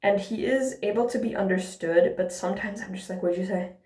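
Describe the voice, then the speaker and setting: Woman, mid-pitched, sarcastic storytime vlogger who swears freely, recorded in an echoey room. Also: a little fast, darkish tone. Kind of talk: casual ranting storytime. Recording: roomy echo.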